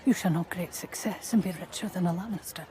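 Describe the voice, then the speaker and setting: An actress playing a mysterious hooded fortune teller who speaks her prophecy slowly and in a hush in a TV drama. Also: on the low side, background noise, close to an everyday voice. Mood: ominous. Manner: slow, hushed prophecy. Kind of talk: TV drama acting.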